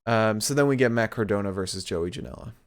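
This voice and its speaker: A man co-host casually recapping a wrestling show and sharing eager opinions. He stammers and restarts his sentences often. His voice sits a little low and sounds smooth. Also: fast. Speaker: podcast co-host.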